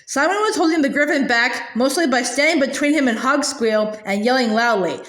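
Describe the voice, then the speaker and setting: Storybook reader: high-voiced woman, expressive, roomy echo. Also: brisk. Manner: expressive, with stumbles. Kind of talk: storybook reading. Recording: roomy echoey room.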